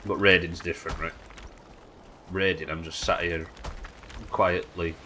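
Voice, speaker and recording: A man's voice: deep voice, level tone, measured pace, pushed and bright, slight background noise. A man with a Yorkshire accent chatting casually and swearing freely while streaming a game. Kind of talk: casual live-stream chat while gaming.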